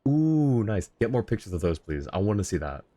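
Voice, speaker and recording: A man's voice: lowish voice, big pitch swings, a little fast, warm tone. A man streaming a game, chatting casually with viewers, rambling and laughing often. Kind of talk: casual live-stream chat.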